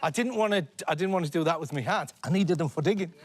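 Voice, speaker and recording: A man with an English accent spins a tall tale on a comedy panel show. His voice sits high and his telling is loose and giggly. The audio carries clear background noise. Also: quick pace. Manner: rambling, animated, laughing through his words. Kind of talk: comic storytelling on a panel show. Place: TV studio with audience.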